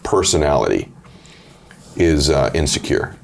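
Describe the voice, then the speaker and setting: A middle-aged man with a deep voice, telling personal stories candidly and earnestly in a conversation. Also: lively intonation, a little slow, vocal fry, background noise. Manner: earnest, emotional, quotes others in his own voice. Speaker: podcast host and author.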